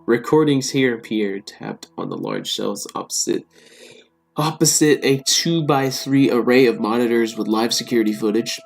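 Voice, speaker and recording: A man's voice: mid-range voice, normal speed, creaky, soft background music. A man playing a text game, reading it aloud and talking back to the characters in jokes. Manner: joking, talks back to the characters. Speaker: let's play gamer.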